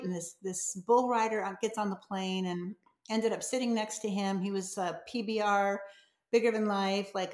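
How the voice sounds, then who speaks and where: A woman's voice: mid-range voice, echoey room. A middle-aged woman, a novelist guest on a podcast, earnestly telling a story and replaying conversations. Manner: earnest, retells conversations with quoted voices.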